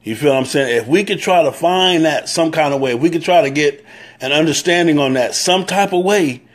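A man with a Southern US accent speaks straight to his stream viewers, working his point over and over in a plain, earnest way. His voice sits a little higher than most men's. He keeps breaking off to greet people by name. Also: brisk. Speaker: motorcycle club leader. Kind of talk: live-stream talk to viewers.

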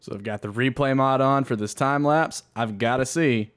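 Man, gaming host, casual gameplay commentary, chatty, talks to himself, mid-pitched voice. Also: moderate pace, clear, resonant tone. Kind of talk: casual let's-play commentary.

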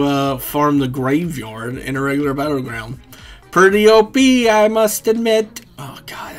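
A man giving casual, rambling commentary over his own gameplay, swearing freely and chuckling often. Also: fairly high pitch. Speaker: gaming commentator.

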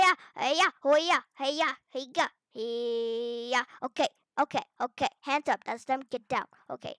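High girly gamer voice, chatty and giggly, super dry close mic. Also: fairly bright tone, dry recording. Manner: chatty, with playful squeals and giggles. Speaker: gaming channel host. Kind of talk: casual game commentary.

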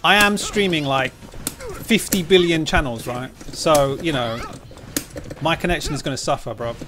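A man streaming a fighting game, chatting casually and yelling and swearing at the game as he plays. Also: a little high, moderate pace, noisy background. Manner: excitable, yells and swears at the game.

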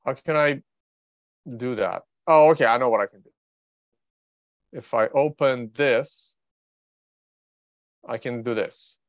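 A man's voice: medium pitch, slow, pauses often, dry recording. A man from Russia hosting a casual livestream of market commentary, rambling and thinking aloud in a blunt, offhand way. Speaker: trader and show host. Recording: dry, slightly dull recording.

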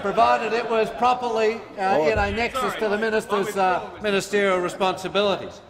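A man's voice: high-pitched, steady tone, a little fast, creaky, crowd noise. An Australian man, a government minister, giving a combative, mocking parliamentary debate speech and reading rules aloud. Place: parliament chamber. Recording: reverberant parliament chamber.

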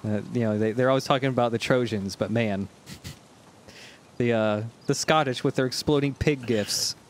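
A man's voice: medium pitch, normal speed, slight background noise. Playful male co-commentator, goofy casual riffs, mid voice. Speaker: let's play commentator.

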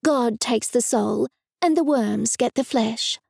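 A woman's voice: a little high, takes it slowly, creaky, dry recording, studio quality, exaggerated voice. A woman narrator voicing a bored, tactless woman who works at a funeral home, talking in an offhand way. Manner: flat, offhand.

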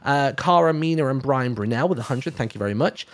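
A man reading out a long list of donor names on a charity stream, brisk with many fillers. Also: mid-range voice, lively intonation, no room sound. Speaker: donation reader on a charity stream.

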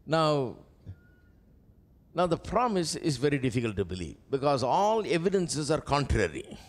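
A man from India preaching a sermon at a live church service, animated and sprinkling his talk with "you know". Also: a little high, normal speed, big-room sound. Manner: animated preaching, acts out quoted voices, frequent "you know". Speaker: pastor.

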